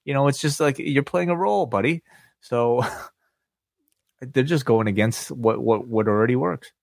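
A man's voice: medium pitch, unhurried, creaky, no room sound, studio quality. A man co-hosting a wrestling podcast, talking casually, agreeing readily and rambling with restarts. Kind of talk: casual chat.

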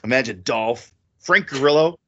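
A man co-hosting a casual movie podcast, excitable and laughing, his voice jumping high when he gets worked up. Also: measured pace, muffled recording. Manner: excitable, jumps high in pitch when thrilled. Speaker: podcast co-host.

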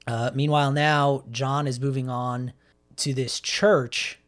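A man in relaxed conversation walks through a story step by step. He rambles a little, trips over restarts and fills gaps with ums and likes. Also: mid-range voice, slow pace. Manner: rambling retelling with acted-out quotes and many fillers. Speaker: podcast co-host recapping a film. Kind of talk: casual chat.

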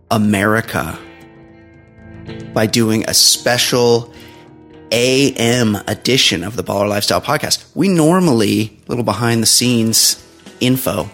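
A man hosting a casual comedy podcast, joking crudely and swearing, in his morning voice. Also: on the low side. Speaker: podcast host. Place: home studio.

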